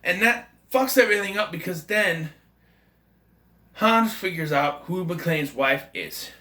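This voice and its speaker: A man's voice: sits high, lively intonation, a little slow, bright, forceful tone, reverberant. A man giving a casual, rambling, enthusiastic movie review, often correcting himself mid-sentence. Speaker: film reviewer.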